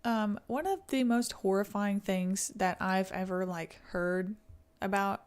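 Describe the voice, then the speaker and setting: A woman's voice: medium pitch, measured pace, a little mellow, clear, resonant tone. A woman hosting a livestream, chatting casually with viewers and reacting to a video. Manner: chatty, talks to chat, laughs often. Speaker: livestream host.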